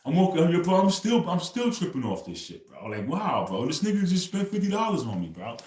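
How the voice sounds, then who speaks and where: A man's voice: a little high, wildly swooping pitch, fairly quick, darkish tone, echoey room. A man hosting a casual livestream, telling stories loosely and tagging "bro" onto nearly every phrase. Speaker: livestream host.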